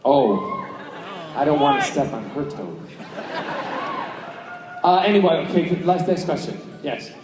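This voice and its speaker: A man's voice: a little high, animated, unhurried, long pauses, far from the mic, a loud crowd, very noisy. A man answering fan questions at a convention panel in a playful, chatty way, laughing often. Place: large convention hall. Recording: echoey hall, picked up from afar.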